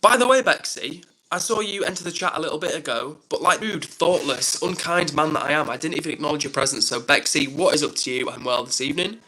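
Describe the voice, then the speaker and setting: Bright-voiced rambling English streamer man. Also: on the high side, animated, quick pace, hardly any pauses, a little hiss or hum, poor audio. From England. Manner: rambling, filler-heavy, upbeat. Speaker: live streamer host. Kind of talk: casual live-stream chat, reading viewer comments.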